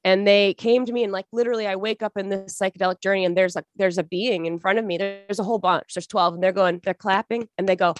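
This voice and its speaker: A woman's voice: mid-range voice, fairly even intonation, fast, few pauses, no room sound. A young woman being interviewed as a podcast guest, telling her story in an earnest, emotional, rambling way with many restarts.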